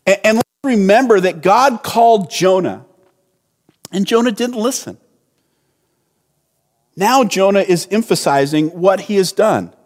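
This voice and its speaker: Guy preaching real slow and earnest, kinda high voice, echoey church hall. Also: lively intonation. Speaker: pastor. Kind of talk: sermon.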